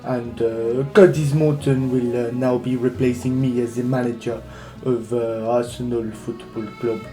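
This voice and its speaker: A hesitant, put-on French accent that stumbles through its fillers, pitched well below the speaker's usual voice. The delivery is slow and drawn out, the timbre pushed away from his normal sound, like a man impersonating a veteran manager bidding farewell. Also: flat delivery, mellow, soft background music, natural voice. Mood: rueful. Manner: hesitant, halting with many fillers. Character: aging French football manager stepping down.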